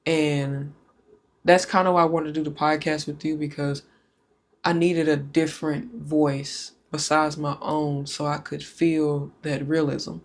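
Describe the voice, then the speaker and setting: A woman's voice: deep voice, flat delivery, unhurried. A woman hosting a casual podcast chat, talking candidly and with plenty of profanity. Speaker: podcast host.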